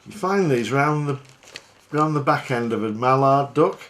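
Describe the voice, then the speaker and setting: A man, working as a fishing guide, talking through a fly tying demonstration in a chatty, relaxed, self-deprecating way. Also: mid-range voice, moderate pace.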